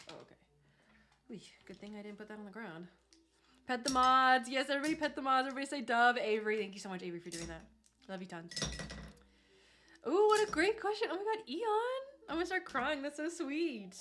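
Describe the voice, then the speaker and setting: A woman hosting a casual livestream from her desk at home, talking in a gushing, excitable, slangy way. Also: medium pitch. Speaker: livestream host.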